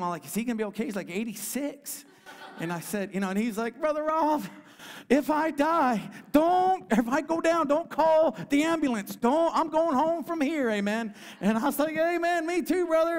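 A middle-aged man who leads a youth choir gives a rambling, heartfelt personal testimony to a church gathering, with restarts and church exclamations. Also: on the high side.

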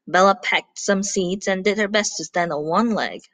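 A woman reading a children's story aloud in an animated way, pausing to ask her listeners questions. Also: mid-range voice, no echo.

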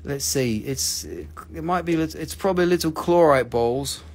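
A man with a slightly high voice hosts a live crystal sale. He talks casually and jokingly, teases his viewers and swears freely along the way. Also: lively intonation, measured pace, darkish tone. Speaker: host selling crystals on a livestream. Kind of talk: casual live sales chat.

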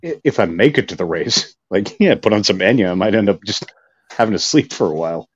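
A man co-hosting a podcast in casual chat, joking and relaxed. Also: lowish voice, fairly quick, husky, muffled recording. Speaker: podcast co-host.

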